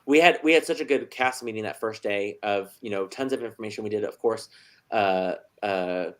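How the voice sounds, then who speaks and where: A man's voice: fairly low pitch, moderate pace. A man hosting a casual chat with theatre actors, often chiming in to agree. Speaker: host.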